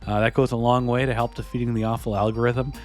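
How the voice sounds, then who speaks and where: A man's voice: medium pitch, level tone, fast, darkish tone, soft background music. A man co-hosting a hockey podcast, chatting casually and reading the show's plugs with a joking manner. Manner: joking, reads listener plugs conversationally. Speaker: podcast co-host.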